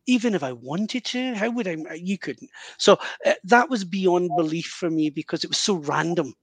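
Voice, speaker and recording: High-voiced man telling a story. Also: moderate pace, dry recording. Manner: animated, vivid anecdotal storytelling with self-interruptions. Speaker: spiritual medium guest. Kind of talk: storytelling in conversation.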